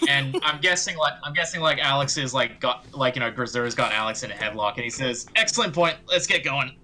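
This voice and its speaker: A man's voice: mid-range voice, steady tone, quick pace, sharp tone, slight background noise. A man playing a tabletop role-playing game, talking in a hesitant way full of fillers. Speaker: player.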